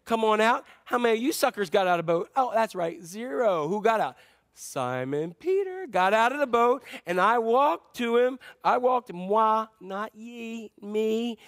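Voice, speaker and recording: A man voicing a brash, boastful male fisherman disciple in a loud, swaggering way. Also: high voice, rapid-fire, few pauses, clean tone.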